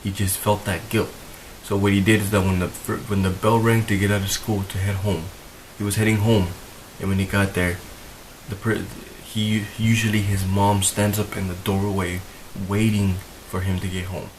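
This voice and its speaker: Deep, flat-voiced young man vlogging. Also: normal speed, a little hiss or hum, poor audio. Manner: emotional, rambling, repeats himself. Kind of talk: earnest talk to camera.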